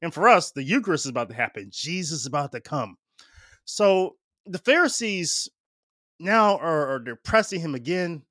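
A man's voice: fairly high pitch, big pitch swings, normal speed, bright, forceful tone, no room sound, clean studio sound. A man preaching a casual, conversational homily, often checking in with his listeners and using plenty of fillers. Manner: chatty, keeps asking "right?" with fillers and laughs.

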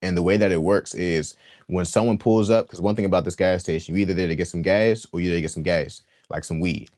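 A man's voice: low voice, fairly even intonation, quick pace, a little mellow, no echo, studio quality. A young man from Washington, D.C., earnestly telling a personal story in casual slang, with frequent restarts. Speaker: guest sharing his testimony.

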